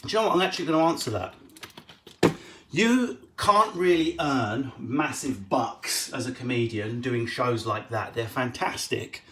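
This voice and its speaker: A man's voice: mid-range voice, animated, sharp tone, a little hiss or hum. A man, a comedian, answering viewer questions at home in a casual, cheeky, sweary way. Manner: cheeky, sweary, quick-witted. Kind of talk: casual live Q&A.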